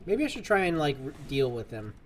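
A man's voice: fairly high pitch, sing-song, fairly quick, a little hiss or hum. A man giving live commentary on a game he is playing, jokey and exasperated as he talks to the game. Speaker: streamer.

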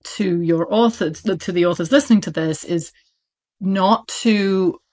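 Her voice sits on the low side, darkish and unhurried. She's a British audiobook publisher being interviewed casually, chatting with animation and plenty of laughs and filler words.

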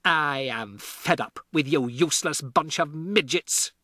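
A man's voice: on the high side, normal speed, sharp tone, no room sound, studio quality, pitched above the performer's own voice. A man voicing a huge, tyrannical female headmistress who roars and barks insults in an audiobook. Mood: indignant. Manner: roaring, barking insults. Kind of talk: audiobook character voice.

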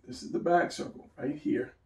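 A man giving a casual drawing lesson, rambling and talking to himself as he sketches. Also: normal speed. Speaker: drawing instructor. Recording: echoey room, voice from a distance.

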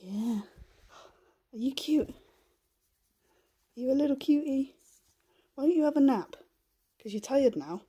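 A woman filming a casual home vlog in her living room, talking softly and in coaxing baby talk to a puppy, often half-whispering, on a handheld camera. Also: high voice, lively intonation, measured pace, long pauses. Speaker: vlogger.

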